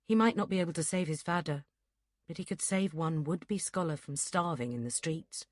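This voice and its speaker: Woman reading an audiobook, steady and measured, low voice, dry close sound. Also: no room sound. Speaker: audiobook narrator. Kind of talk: scripted narration.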